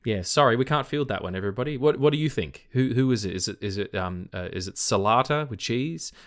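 This podcast co-host, a weary-sounding Australian man, rambles through casual film talk with lots of false starts and cursing. He speaks quickly in a mid-range voice with lively intonation.

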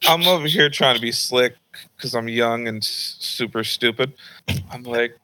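A young man with a bright, forceful voice tells a story from his youth on a podcast. He talks casually and jumps into animated, high squeaky impressions of the women in his family. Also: a little slow, slight background noise, poor audio. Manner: animated, acts out high-pitched voices of his mom and grandma. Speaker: podcast host.

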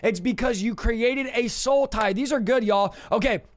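A man preaching a fervent deliverance teaching on a livestream, exhorting the audience with rapid call-outs. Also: very high voice.

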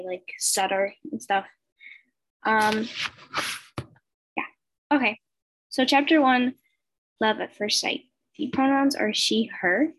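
A woman's voice: fairly high pitch, slightly rough, poor audio. A young woman, likely a teenager, reading a fan story aloud in a casual, hesitant way with stumbles and fillers, recorded on a laptop over a video call at home. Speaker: fan fiction reader. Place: bedroom at home.

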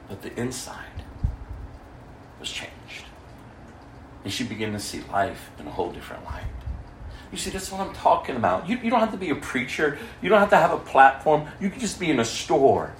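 A man's voice: mid-range voice, sing-song, a little slow, pauses often. Storytelling man preaching in an echoey room. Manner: storytelling, swings from loud to hushed. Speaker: preacher giving testimony. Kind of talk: sermon testimony. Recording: echoey room, mic far off, faint noise.

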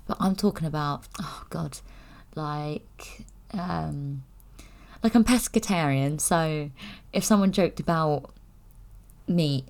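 A woman's voice: deep voice, takes it slowly, pauses often, a little mellow. A young woman chatting candidly to camera, rambling and giggling as she talks. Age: young adult. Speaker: vlogger. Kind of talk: casual chat.

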